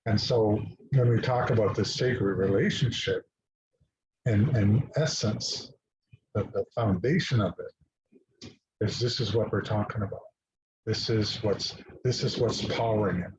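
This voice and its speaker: A man speaking as a guest, telling a personal story in a halting way with many restarts and fillers. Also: lowish voice, noisy background. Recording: dull lo-fi recording.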